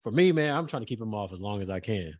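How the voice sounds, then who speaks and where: A man's voice: fairly low pitch, animated, fast talker, a little mellow, dry recording, studio quality. A man co-hosting a casual podcast chat, talking bluntly and emphatically in slang. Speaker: podcast co-host.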